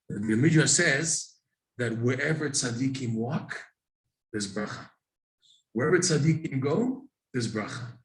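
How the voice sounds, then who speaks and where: A man's voice: mid-range voice, reverberant, low-quality recording. A man teaching a live religious class, emphatic and repeating his questions for effect. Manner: emphatic, repeats questions, rising to near-shouts. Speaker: Torah teacher.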